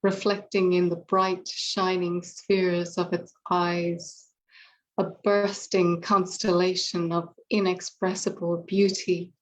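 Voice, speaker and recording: Woman poet reading her work, slow and measured, even tone, faint background hiss. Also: on the low side, low-quality recording. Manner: slow, measured, deliberate delivery. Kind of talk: poetry reading.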